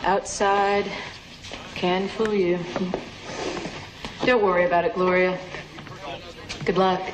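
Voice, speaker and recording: An actor playing a calm friend who reassures a nervous woman. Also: sits high, slow. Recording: noisy old TV film audio.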